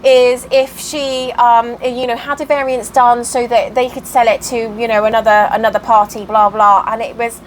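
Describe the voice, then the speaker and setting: High-voiced woman venting. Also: normal speed, hardly any pauses, slight background noise, rough recording. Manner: animated, exasperated, acts out quoted voices. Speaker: cross-stitch vlogger. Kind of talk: casual storytelling monologue.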